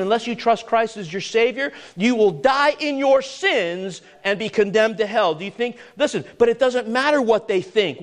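Animated high-pitched male preacher. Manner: preaching with emphatic rhetorical questions. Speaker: pastor. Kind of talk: sermon.

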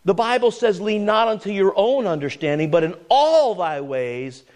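Pastor, male, high and very animated voice, emphatic preaching, throws rhetorical questions at the room. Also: moderate pace. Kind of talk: sermon.

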